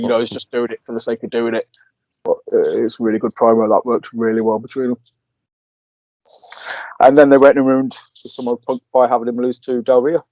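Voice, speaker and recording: A man talks in a loose, rambling way, stopping to laugh as he retells scenes. His voice sits at an ordinary pitch. It comes through a dry, slightly dull call line. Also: a little mellow, no room sound. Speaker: podcast co-host. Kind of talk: casual chat.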